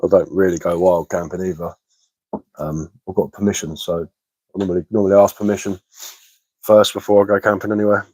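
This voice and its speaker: A man, a little hoarse from being ill, chatting casually on a livestream and answering comments with lots of hesitant fillers and repeated words. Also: low voice, little pitch movement, brisk, darkish tone, dry recording, low-quality recording. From England. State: slightly hoarse from illness. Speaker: bushcraft livestreamer.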